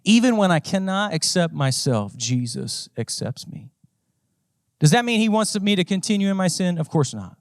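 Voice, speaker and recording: A man with a high voice preaches in a conversational, storytelling way, circling back to repeat his phrases. The sound is dry and close, with no room echo. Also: lively intonation, brisk, few pauses, clean tone. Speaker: pastor. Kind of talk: sermon.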